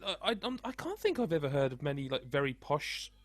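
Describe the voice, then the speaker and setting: A man's voice: on the high side, big pitch swings, fairly quick, a bit bright, dry recording. A man hosting a casual podcast chat, who rambles, laughs often and talks over his co-hosts. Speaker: podcast host. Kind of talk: casual banter.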